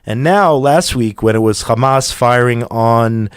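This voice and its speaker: A man hosts a radio podcast from a studio, his mid-range voice close and dry on the mic. He talks in an easygoing, conversational way, often pausing to restart his sentences. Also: mid-range voice, clean tone, no room sound. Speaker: podcast host. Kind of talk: radio talk show hosting.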